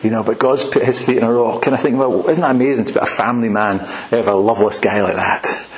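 A man preaching a sermon in a relaxed, chatty way, often laughing at his own asides. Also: medium pitch, fast, echoey room, rough recording. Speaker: pastor.

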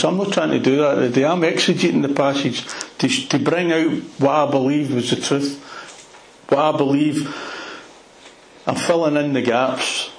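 A man with a Glasgow accent preaching a sermon, retelling a Bible story in an animated way with plenty of local slang. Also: mid-range voice, creaky, echoey room, low-quality recording. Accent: Glaswegian Scottish. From Scotland. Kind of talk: expository sermon.

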